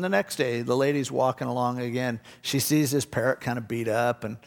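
A man's voice: mid-range voice, a little fast, creaky. A man preaching a sermon, telling stories in a conversational, casual way. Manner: conversational storytelling, acts out quotes. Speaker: pastor. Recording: long hall reverb.

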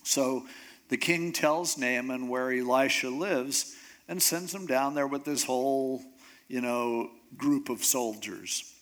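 A man's voice: medium pitch, slow, fairly bright tone. A man preaching a sermon, retelling a scripture story in a casual, conversational way and acting out the characters' voices. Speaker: pastor.

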